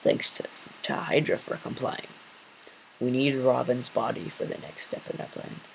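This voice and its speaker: A man voicing a calm, scheming male villain in a casually retold fan story, speaking low and hushed. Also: normal speed, gravelly, a little hiss or hum, low-quality recording. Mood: cold menace.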